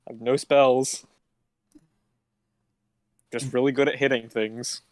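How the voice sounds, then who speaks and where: A man playing a tabletop game in a casual, deadpan, joking way. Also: mid-range voice, takes it slowly. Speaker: player.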